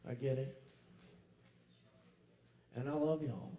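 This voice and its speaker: A man hosting a poetry open mic in a kava bar, making casual announcements with a relaxed drawl and lots of fillers. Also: medium pitch, takes it slowly. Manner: laid-back, drawling, many fillers. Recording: roomy live venue sound.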